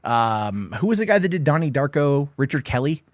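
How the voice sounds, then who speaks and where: A man's voice: medium pitch, big pitch swings, a little fast, no echo. A man hosting a casual late-night movie chat, rambling through stories with lots of swearing and acted-out quotes. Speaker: host.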